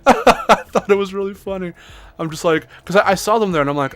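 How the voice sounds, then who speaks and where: A man's voice: sits high, fast talker, fairly bright tone, smooth, soft background music. A young man chatting casually as co-host, rambling, swearing and laughing often. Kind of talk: casual chat.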